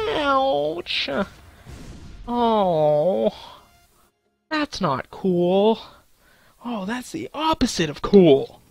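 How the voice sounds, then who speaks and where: A man's voice: a little high, gravelly, breathy edge. A young man in casual live-stream commentary, goofy and crude, talking to himself and his chat with sudden silly outbursts. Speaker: gaming streamer.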